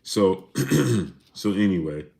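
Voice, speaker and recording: Deep gravelly man hosting a livestream. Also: very animated, drawn-out words. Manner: shouts out viewers by name, defensive and talkative. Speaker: boxing livestream host. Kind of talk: casual livestream chat reading super chats.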